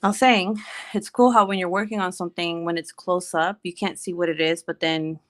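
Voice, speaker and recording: A woman's voice: fairly low pitch, steady tone, fairly quick. A woman chatting casually on a home livestream, rambling and laughing often. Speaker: livestream host.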